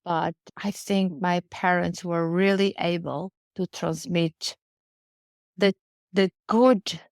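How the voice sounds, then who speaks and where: Earnest woman, low voice. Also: dry recording, clean studio sound. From Portugal. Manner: earnest, repeats words while searching for phrasing. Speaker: guest, riding instructor. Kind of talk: casual interview conversation.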